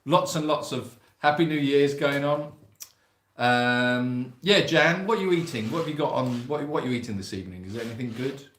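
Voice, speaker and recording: Brief: jokey man, mid-pitched, hosting a live chat from a room with a noticeable echo. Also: lively intonation, moderate pace, fairly bright tone. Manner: chatty, jokey, reads out viewer greetings. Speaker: sanctuary co-host reading live chat. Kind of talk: casual live-stream chat. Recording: roomy echo.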